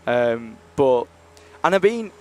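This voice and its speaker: A man's voice: medium pitch, very animated, takes it slowly. Chatty male hockey commentator. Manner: chatty, jokey, rambling. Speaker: stream commentator. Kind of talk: live ice hockey commentary.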